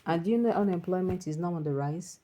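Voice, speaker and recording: A woman's voice: on the low side, quick pace, warm tone, slight background noise. A woman with a Nigerian accent giving opinionated news commentary in an emphatic, scolding, conversational manner.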